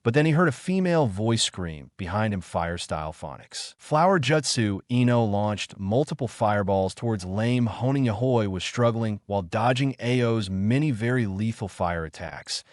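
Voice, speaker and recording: Man, scripted story narration, low voice, dry close sound, steady. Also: no echo.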